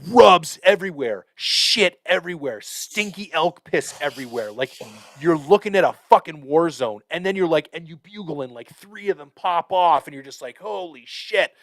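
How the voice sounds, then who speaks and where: A man hosting a podcast, telling a hunting story in a casual, profane, animated way with lots of fillers. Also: on the high side, moderate pace, dry recording. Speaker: podcast host.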